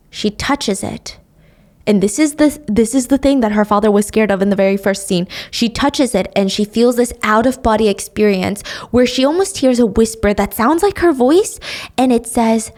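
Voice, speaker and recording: A young adult woman hosting a podcast, recapping a drama plot in a chatty, expressive way with casual swearing. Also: mid-range voice, moderate pace. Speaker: podcast host.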